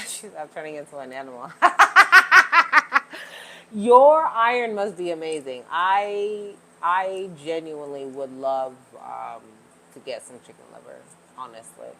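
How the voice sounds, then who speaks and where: A woman's voice: deep voice, normal speed, creaky, a bit bright, a little hiss or hum. A woman hosting a casual livestream from home, chatting with viewers and laughing often. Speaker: livestream host.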